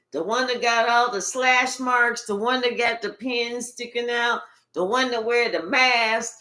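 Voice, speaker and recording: Slow, bright-voiced woman reading tarot. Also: a little high. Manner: animated, drawling, sassy, talks to spirit and viewers. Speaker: tarot reader. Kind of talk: live tarot reading, casual chat.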